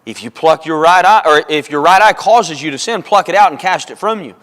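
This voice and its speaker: Brisk and on the high side with a fairly bright tone, a man preaches emphatically to his congregation in a church auditorium. He repeats phrases for stress and calls them folks and brethren, the church hall's long reverb trailing his words.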